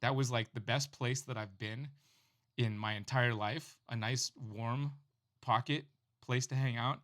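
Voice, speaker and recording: Grumpy young snake, voiced by a man, sulky slow complaining, bright tone. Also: medium pitch, steady tone, natural voice.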